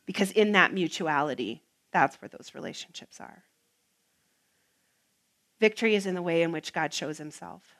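A woman preaching a sermon, earnest and emphatic, with rhythmic repetition and some soft, hushed passages. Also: fairly low pitch, animated, moderate pace, pauses often.

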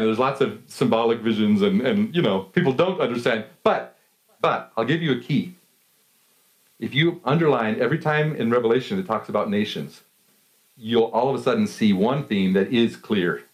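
A middle-aged man preaches a sermon in a mid-range voice. He tells personal stories, laughs often between phrases, and swings his pitch up and down as he speaks. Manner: storytelling with frequent laughs and lively pitch swings. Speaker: pastor.

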